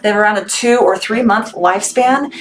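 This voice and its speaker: An adult woman from Texas, a military veteran, runs a live-stream sale for her candy shop, upbeat and chatty, thanking viewers by name. Her voice is mid-range and a little fast.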